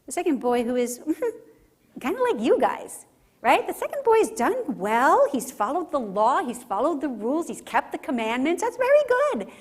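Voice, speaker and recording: Brief: calm, tender male teacher, voiced by a woman lecturer. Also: sits high, voice pushed up. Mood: earnest. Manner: calm, slow, soft-spoken. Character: Jesus, gentle patient teacher.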